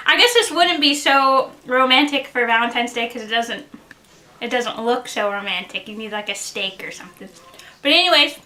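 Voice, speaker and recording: A woman's voice: high voice, moderate pace, sharp tone. A woman hosting a home cooking show, chatting and joking through a recipe and laughing at her own puns, recorded in a home kitchen. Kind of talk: casual cooking demonstration.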